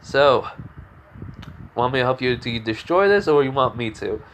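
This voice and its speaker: A man's voice: mid-range voice, lively intonation, moderate pace, fairly bright tone, a little hiss or hum. A young man voicing a cocky, powerful male hedgehog hero in a fan story, smug and teasing. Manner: smug and teasing, flustered when embarrassed.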